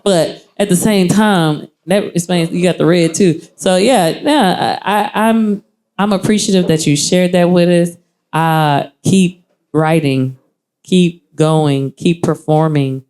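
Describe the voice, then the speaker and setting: A woman speaking, giving lively casual feedback to a poet and acting out quoted voices. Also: on the low side, slow. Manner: animated, acts out quoted voices. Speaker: judge on a poetry open mic show.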